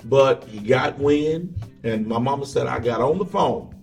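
A man guesting as an evangelist on an interview, with a gravelly, fry-edged voice, telling stories from his life. He sits back from the microphone in an echoey room. Soft music plays faintly underneath. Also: medium pitch, a little slow, distant mic. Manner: relaxed storyteller, acts out quoted voices. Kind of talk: casual interview storytelling.

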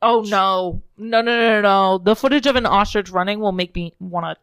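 A young woman co-hosting a podcast, excitable and quick to laugh, swearing freely in casual chat. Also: mid-range voice, clear, resonant tone. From American Midwest. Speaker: podcast co-host.

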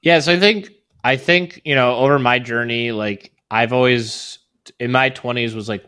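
A man's voice: lowish voice, a bit bright, no echo. A man in his thirties talking casually as an interview guest, rambling with lots of filler words and restarts. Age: 30s. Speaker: podcast guest, real estate investor.

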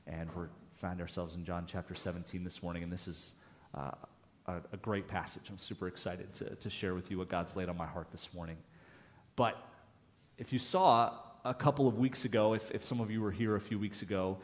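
A man preaching a conversational sermon in church, telling a story casually with many restarts. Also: on the low side. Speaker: pastor.

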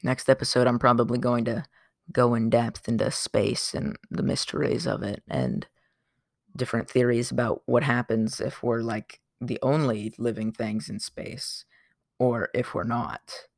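Young man, podcast host, rambling casual chat, gravelly voice, dry close sound. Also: medium pitch, fairly even intonation, measured pace, no echo. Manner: rambling, lots of fillers and "like". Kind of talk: casual solo podcast monologue.

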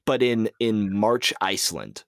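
A man's voice: on the low side, expressive, unhurried, vocal fry, dry recording, studio quality. A man co-hosting a podcast, relaying movie news in casual chat, hesitant with lots of ums and restarts. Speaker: podcast co-host.

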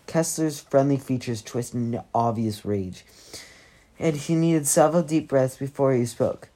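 Give me a woman reading a novel aloud casually, with a low dark voice. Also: unhurried. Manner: casual, breaks off with chatty asides. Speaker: reader.

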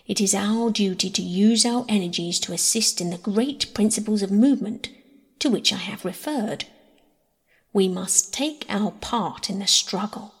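A woman reading the lines of a calm, scheming gentleman in a dry, measured manner. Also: medium pitch. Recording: husky voice in long reverb.

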